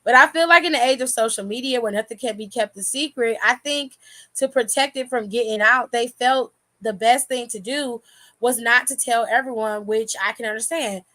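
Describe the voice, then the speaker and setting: A young woman talks through wrestling news in a casual, animated vlog style. Her voice sits fairly high. She swears freely and breaks into laughter as she reacts. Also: normal speed. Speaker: wrestling commentary vlogger.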